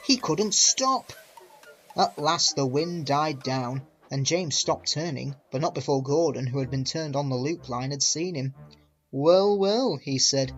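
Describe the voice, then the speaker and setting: A man reading a children's storybook aloud as narrator, with a lively, expressive delivery. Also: mid-range voice, rough recording.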